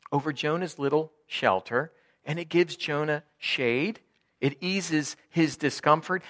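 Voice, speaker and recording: A male preacher delivers a sermon in a storytelling way, calling his listeners friends. His pitch swings widely as he moves between plain narration and acted-out lines. He sits in the middle range, neither high nor low. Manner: acts out quoted lines with shifting pitch and loudness.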